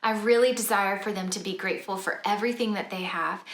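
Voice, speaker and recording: Earnest, measured woman, mid-pitched, casual mom chat; roomy kitchen echo. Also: fairly even intonation. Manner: earnest and measured, explaining her parenting rules. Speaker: mother and family vlogger. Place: home kitchen table.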